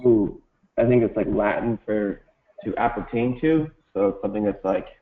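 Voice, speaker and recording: A man's voice: fairly low pitch, moderate pace, narrow, tinny audio. A man answering as a student in a casual tutoring session, laid-back and hesitant, feeling his way through answers. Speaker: exam student.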